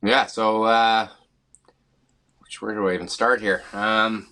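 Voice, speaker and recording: Low bright-voiced Canadian man chatting. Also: takes it slowly. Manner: relaxed, easygoing storytelling with fillers. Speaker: guest golfer. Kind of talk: casual podcast chat.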